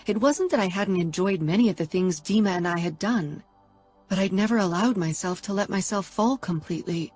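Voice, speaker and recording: A woman reading a first-person romance audiobook in a steady, intimate narration. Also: mid-range voice, fairly quick, husky, soft background music.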